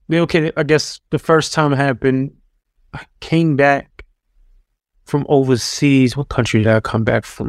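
Mid-range in pitch, the guest is a New York native and ex-pro basketball player whose interview storytelling is relaxed and full of fillers and restarts. The studio-quality audio has no room sound.

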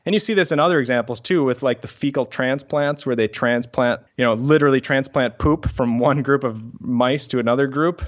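A man's voice: medium pitch, brisk, hardly any pauses, highs cut off. A man who is a scientist, talking as a guest on a podcast and eagerly explaining research studies in detail. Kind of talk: casual podcast interview.

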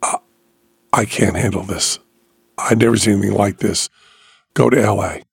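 A stern middle-aged doctor, as a man puts him on speaks low and blunt, insisting without room for argument. His husky, gravelly voice stays dry and close. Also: normal speed, no room sound, heavily acted. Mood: urgent.

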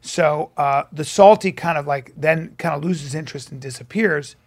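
A man's voice: a little high, moderate pace, gravelly. A man co-hosting a podcast, telling a wild story with lots of swearing and acting out the voices of the people in it. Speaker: podcast co-host. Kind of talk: animated storytelling.

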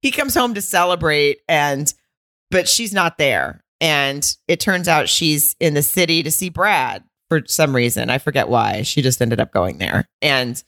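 Brief: woman co-host with a deep voice, lively, chatty recap tone, dry close mic. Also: no echo. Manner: animated, laughing, quick asides. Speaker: podcast co-host. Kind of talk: casual TV recap chat.

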